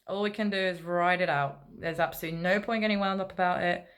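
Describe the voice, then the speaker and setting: A woman's voice: lowish voice, fairly even intonation, fast, fairly bright tone. A young woman fan talking casually in a rambling, laid-back vlog, full of fillers and asides. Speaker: football fan vlogger.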